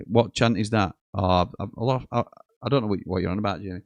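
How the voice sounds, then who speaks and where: A man hosts a live football watchalong in a relaxed, joking way, reading out viewers' messages as he goes. His voice sits a little low. The sound is dry and close, with no room echo. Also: fairly quick, lo-fi sound. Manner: chatty, jokey, reads out messages and chuckles often. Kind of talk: live casual commentary reading viewer chat.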